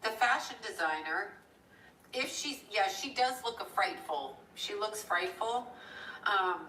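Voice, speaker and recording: Bright-voiced woman rambling in a roomy space. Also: medium pitch, lively intonation, unhurried, slight background noise. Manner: rambling, blunt and profane, chuckling. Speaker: live-streaming artist. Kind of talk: casual live-stream chat while drawing. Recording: roomy echo from a distant mic.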